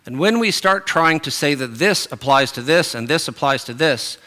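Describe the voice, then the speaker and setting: A man's voice: a little high, expressive, normal speed, sharp tone. A middle-aged man preaching a sermon in a conversational way, with fillers and restarts.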